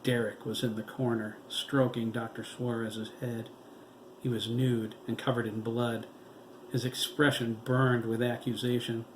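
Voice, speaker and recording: A man reading his own horror novel aloud in a slow, dramatic storytelling manner. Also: medium pitch, flat delivery. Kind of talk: audiobook narration. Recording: echoey room with faint background noise.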